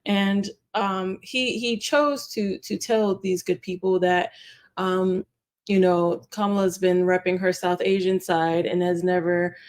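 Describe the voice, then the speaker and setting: A woman's voice: fairly low pitch, fairly even intonation, measured pace, darkish tone. A woman co-hosting a podcast, chatting casually, often laughing and trailing off with fillers. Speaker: podcast co-host. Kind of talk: casual chat.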